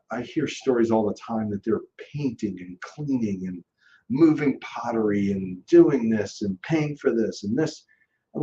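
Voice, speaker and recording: A man, a real estate broker, giving an emphatic, animated rant to camera and acting out his clients' thoughts. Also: lowish voice, roomy sound, dull audio, slight background noise. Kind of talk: casual ranting monologue to camera.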